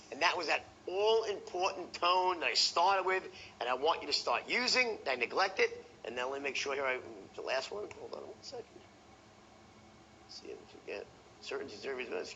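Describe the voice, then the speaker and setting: Male sales trainer at a seminar: gravelly, bright, lively delivery that leans on demonstrating tone. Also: a little high, muffled recording, slight background noise. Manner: animated, demonstrates tones by voice; talks to the audience directly, asks okay and right. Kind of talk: seminar teaching.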